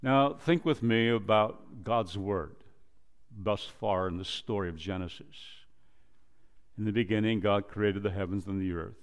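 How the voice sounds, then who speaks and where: Pastor guy preaching real slow, goes loud then drops way quiet, acts out the bible dialogue. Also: smooth. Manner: preaches slowly, rises loud then drops to a low hush; quotes scripture and acts out dialogue. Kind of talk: sermon.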